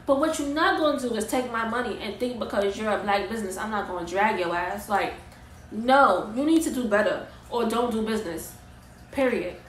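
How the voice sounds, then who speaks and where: A woman's voice: medium pitch, fairly quick. A young woman telling a heated, profane storytime rant about a ruined wig, vlog style. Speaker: vlogger and wig maker. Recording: echoey room, faint ambient noise.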